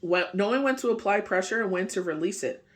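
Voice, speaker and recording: High-voiced man rambling through tarot. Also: lively intonation, quick pace. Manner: rambling, full of "you know" and "it's just like". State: recovering from a bad cold. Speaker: tarot reader. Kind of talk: casual daily tarot reading.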